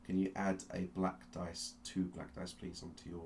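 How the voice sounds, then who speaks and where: A man narrating a tabletop game as game master, telling the story slowly and with suspense, often restarting his sentences. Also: deep voice, monotone, noisy background. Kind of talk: dramatic second-person narration of a tabletop game.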